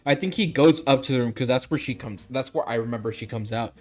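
A man's voice: mid-range voice, quick pace. A young man co-hosting a casual movie review podcast, laughing often and retelling scenes with quoted voices. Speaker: podcast co-host.

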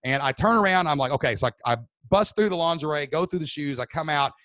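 A man, a podcast host telling a story loudly and excitably, then turning it into marketing advice. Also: a little high, no room sound. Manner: loud, excitable, fast-moving. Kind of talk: animated storytelling.

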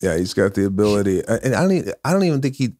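A man who is a comedian guest on a podcast, chatting casually and often pausing to search for words. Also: lowish voice, very animated, mellow, no room sound, clean studio sound. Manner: halting, searching for words with many uhs. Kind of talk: casual chat.

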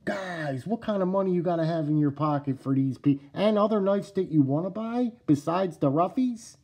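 Excitable New Jersey man, dark voice. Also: high-pitched, normal speed, breathy edge. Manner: excitable, repeats himself, addresses viewers as "guys" and "yous". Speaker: knife collecting vlogger. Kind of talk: casual chat to camera. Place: at home indoors.

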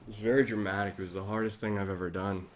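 A man's voice: fairly low pitch, fairly even intonation, very fast. A man hosting a casual livestream, animatedly telling a dramatic story to his chat. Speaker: livestream host.

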